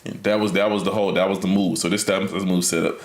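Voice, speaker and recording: Male streamer host, low gravelly voice, casual and laid-back, faint hiss. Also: level tone, fast talker, roomy sound. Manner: laid-back, talks to chat, repeats words. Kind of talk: casual livestream chat.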